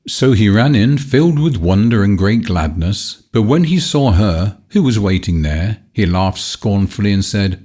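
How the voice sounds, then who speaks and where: A man narrating a fairy-tale audiobook in measured, old-fashioned storytelling. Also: low-pitched, expressive, a little mellow.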